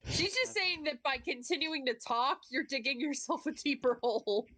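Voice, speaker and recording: A woman playing a tabletop game, brisk and matter-of-fact. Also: high-pitched, pushed and bright. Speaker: player. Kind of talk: casual tabletop play.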